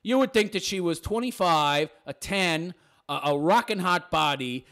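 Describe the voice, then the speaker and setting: A man's voice: high-pitched, animated, unhurried, fairly bright tone. A man hosting a reaction commentary, reading and mocking a text in a sarcastic, crude, derisive way. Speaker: commentary channel host.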